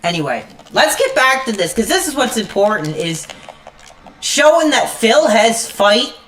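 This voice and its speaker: A woman's voice: a little high, very animated, unhurried, a bit bright. A woman live streamer in an angry, profane rant while gaming, stammering and cursing constantly. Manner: repeats "frickin'" constantly.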